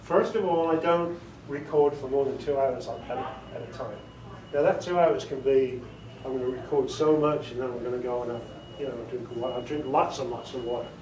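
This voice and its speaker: A man's voice: medium pitch, a little fast, a crowd in the background. Chatty man in echoey room. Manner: chatty, self-amused, often laughs, demonstrates inflections. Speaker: audiobook narrator giving a workshop talk. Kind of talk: casual workshop talk. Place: meeting room before a group. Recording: echoey room, recorded from far off.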